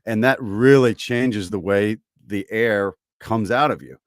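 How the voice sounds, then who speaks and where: A man with a Southern American accent speaks in a fairly low, unhurried drawl. He sounds relaxed and thoughtful, letting his sentences trail off with easy fillers. The recording is dry and close, with no room sound around him. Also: no room sound. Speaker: voice actor guest. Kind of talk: casual podcast conversation.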